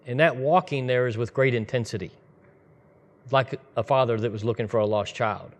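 A man delivers a sermon in a relaxed, conversational style. His voice sits at an ordinary middle pitch, and he slips into quick bursts as he tells a story. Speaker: pastor.

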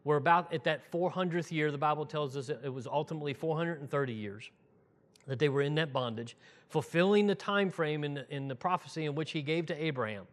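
Male preacher, slightly high voice, relaxed teaching tone, hushed quotes. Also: a little fast. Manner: conversational teaching, drops low and soft for quotes. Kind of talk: sermon.

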